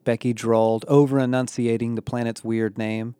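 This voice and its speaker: A man reading an audiobook aloud with a wry, deadpan delivery, voicing the characters as he goes. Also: lowish voice, normal speed, few pauses, clear, resonant tone, no room sound. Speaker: audiobook narrator. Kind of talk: scripted narration with character voices.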